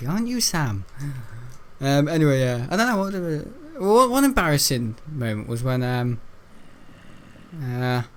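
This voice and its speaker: A young man from Britain, rambling and giggling as he tells a school story while playing a game. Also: mid-range voice. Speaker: gaming video host. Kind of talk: casual gameplay commentary.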